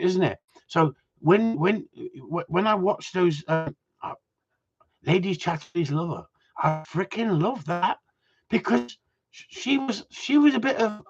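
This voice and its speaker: A man's voice: sits high, highs cut off. A man, from Wigan, chatting on a livestream, joking, swearing and rambling at his viewers. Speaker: gundog trainer. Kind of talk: casual livestream chat.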